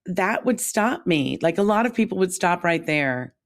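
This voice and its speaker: A woman co-hosting a podcast, talking in a reflective, animated way that jumps up when she stresses a point. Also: moderate pace. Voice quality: calls her own voice squeaky. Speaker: podcast co-host. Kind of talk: casual chat.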